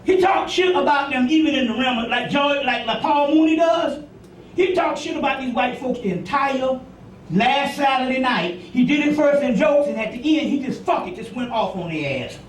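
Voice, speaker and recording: High-voiced man lecturing in an echoey room. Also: lively intonation, normal speed, far from the mic, a crowd in the background. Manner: rambling, profane, repeats "you see what I'm saying". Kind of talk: informal lecture to an audience.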